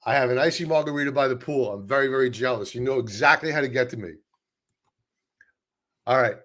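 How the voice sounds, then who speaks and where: A man's voice: mid-range voice, quick pace, pauses often, a bit bright. A man hosting a live stock-chart stream, talking in a chatty, sarcastic way with many asides. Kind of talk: casual live-stream commentary.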